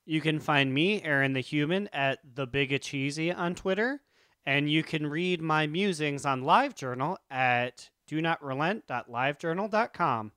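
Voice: medium pitch, normal speed, a bit bright, smooth, no room sound. A podcast co-host chatting in a giggly, playful way. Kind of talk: casual podcast chat.

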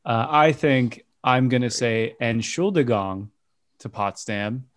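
A man's voice: mid-range voice, slow pace. Guy hosting a footy podcast, jokey, reads fixtures, asks for picks. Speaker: podcast host. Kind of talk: casual sports chat.

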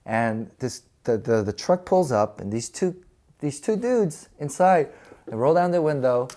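A man's voice: medium pitch, expressive, unhurried, mellow. A middle-aged man being interviewed, telling stories casually and animatedly, acting out voices and laughing often. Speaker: guest.

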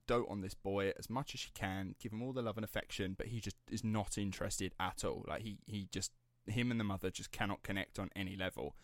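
Low-voiced man, rambling podcast host. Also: a bit bright, no echo. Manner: rambling, laughs often, drifts off script. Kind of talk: casual true-crime podcast chat.

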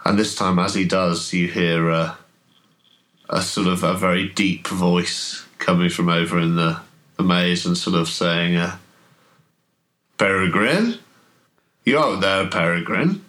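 A man running a tabletop horror game as game master, telling the scene in a relaxed, hesitant way with many fillers. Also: low-pitched, a little slow. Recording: podcast audio.

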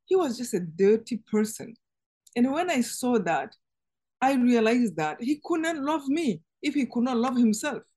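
A woman guest giving an earnest personal testimony in conversation, halting and restarting as she speaks. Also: a little high, very animated, warm tone, husky. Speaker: interview guest.

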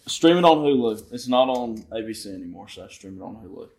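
A young man with a Southern US drawl tells loose, brash stories and swears without a second thought. His voice sits in an ordinary middle pitch. He talks in a casual chat as a podcast guest. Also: expressive, a little fast, a little mellow. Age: young adult. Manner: brash storytelling, swears freely.

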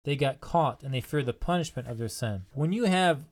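A man's voice: medium pitch, expressive, normal speed, a little mellow. A man preaching a sermon, asking his listeners earnest, repeated rhetorical questions and stressing key points.

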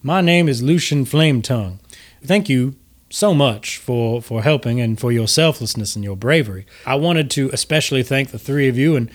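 Picture a courtly noble host, lavish with compliments and flowery thanks, as a game master puts him on. His voice sits at an ordinary middle pitch. He gushes over his guests in a tabletop role-play. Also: normal speed, close to an everyday voice. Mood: effusive. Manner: flowery, gushing praise.

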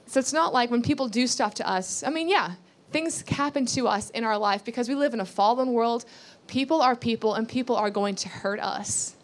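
A woman's voice: on the high side, normal speed, few pauses. A woman giving a sermon, reading scripture aloud and explaining it earnestly, repeating key phrases and asking rhetorical questions. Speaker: Bible teacher.

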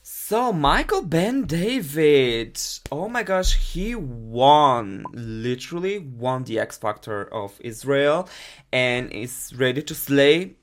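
Man, gushing reaction co-host, dramatic and effusive, big swooping pitch. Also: expressive, slow. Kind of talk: excited casual reaction chat.

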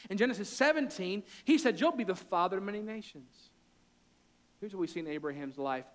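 A pastor in his thirties preaching a sermon, telling family stories and building to loud impassioned peaks. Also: fairly high pitch.

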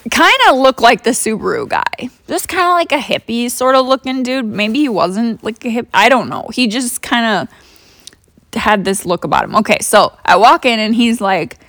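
Her voice is a little high and a bit bright, recorded in a clean studio with no room sound. The young woman hosts a podcast, casually telling stories in a profane, chatty way with plenty of fillers.

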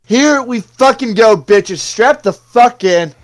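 A man with a fairly high voice runs through a countdown in a mock-announcer style. He jokes crudely and swears casually. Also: lively intonation, takes it slowly. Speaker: podcast co-host. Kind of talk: casual sports podcast countdown.

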